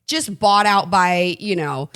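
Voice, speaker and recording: A woman talking as a podcast guest in casual chat, blunt and animated, swearing freely and laughing often. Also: lowish voice, takes it slowly, dry recording, studio quality. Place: Los Angeles.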